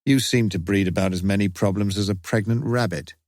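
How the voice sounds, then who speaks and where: A man reading the lines of a gruff senior police superintendent in an audiobook, wry and scolding. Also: fairly low pitch, a little fast, a little mellow, no room sound, studio quality, close to an everyday voice.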